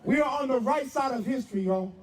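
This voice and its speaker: A man's voice: very high-pitched, fast, roomy sound. A man leading a street protest, giving a rally speech and calling out chants for the crowd to answer. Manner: shouting, repeats "am I right or am I right". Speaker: protest leader. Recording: distant voice in a loud street crowd. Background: loud crowd noise.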